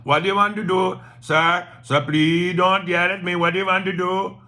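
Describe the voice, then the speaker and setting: A man's voice: sits high, flat delivery, normal speed, sharp tone, pitched above the performer's own voice. A man voicing a flustered Indian male customer-service agent with an Indian accent, pleading and exasperated.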